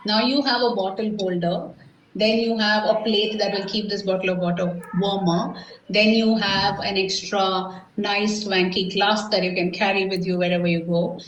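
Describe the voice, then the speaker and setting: A woman's voice: medium pitch, steady tone, normal speed, lo-fi sound. A middle-aged woman with an Indian accent, giving a live motivational sales seminar and firing rhetorical questions at the audience. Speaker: sales coach. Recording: echoey room, distant mic, faint ambience.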